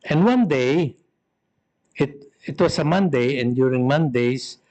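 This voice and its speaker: A man's voice: mid-range voice, lively intonation, measured pace, darkish tone. A man with a Filipino accent, a priest giving a storytelling talk with self-mocking humor.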